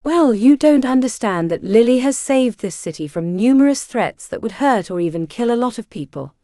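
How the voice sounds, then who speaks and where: A woman's voice: fairly high pitch, animated, moderate pace, warm tone, no echo, studio quality, natural voice. A woman voicing a loyal, headstrong young witch nurse who talks bluntly and urgently, in an audiobook. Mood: defiant.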